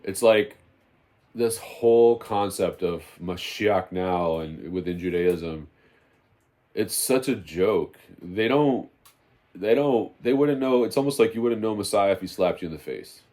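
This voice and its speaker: Impassioned low-voiced man preaching. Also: expressive, unhurried, dark tone. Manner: preaching, emphatic, repeats phrases for stress. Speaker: religious teacher sharing his testimony. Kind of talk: impassioned spoken testimony.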